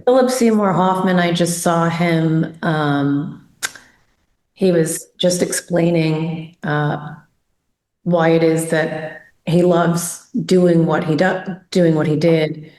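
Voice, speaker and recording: A woman's voice: low voice, fairly even intonation, slow, darkish tone. A woman interviewing a former teacher, asking admiring questions in a casual conversation. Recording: echoey room.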